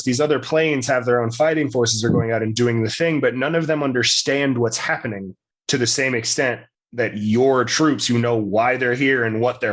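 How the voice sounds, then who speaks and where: A man's voice: mid-range voice, a bit bright. A man running a tabletop game, explaining the rules casually and swearing now and then. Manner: casual, swears freely, laughs between points. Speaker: game master.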